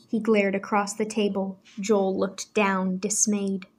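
Woman, audiobook narrator, measured, scripted storytelling. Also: mid-range voice, little pitch movement, darkish tone.

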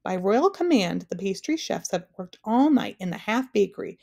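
A pompous storybook king barks his commands, raised and loud, with no patience for anyone, as a woman puts him on. He snaps and grunts his words like royal decrees. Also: medium pitch, animated, moderate pace, vocal fry. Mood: imperious. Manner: snapping, commanding. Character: pompous bossy male king, impatient.

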